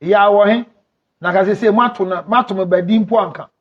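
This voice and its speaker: A middle-aged man with a Ghanaian accent, a counselor hosting an advice talk show, speaking loudly and teasingly with sudden shouts. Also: sits high, fairly quick. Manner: loud, teasing, breaks into shouts and acted quotes. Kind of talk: animated advice talk mixing English and Twi. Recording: dull lo-fi recording.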